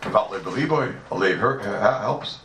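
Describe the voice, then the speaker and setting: A man teaching a Talmud class, animated and full of rhetorical questions, heard from a distance in an echoey room. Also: on the low side, normal speed, slight background noise. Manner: animated, rhetorical questions, Yeshivish mix of Hebrew and Yiddish terms. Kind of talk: Talmudic lecture. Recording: echoey room, distant mic, faint ambience.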